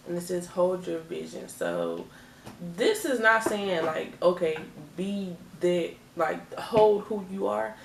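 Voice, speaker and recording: A woman gives a casual tarot reading in a lowish, gravelly voice, chatty and emphatic, repeating herself for effect. She sits a bit back from the mic in an echoey room with faint noise behind. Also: big pitch swings, slow pace, distant mic. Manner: chatty, emphatic, repeats phrases, laughs often. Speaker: tarot reader.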